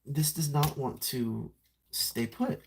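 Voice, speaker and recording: A man's voice: medium pitch, slow, creaky, a little hiss or hum. A young man chatting casually on a live stream while transforming a toy figure, rambling, self-mocking and greeting viewers by name.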